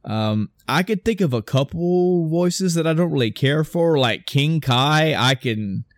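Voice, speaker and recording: Speaking at a measured pace in a fairly high voice, with no room sound, a man tells stories on a podcast. His casual chat is rambling and animated, full of restarts and asides.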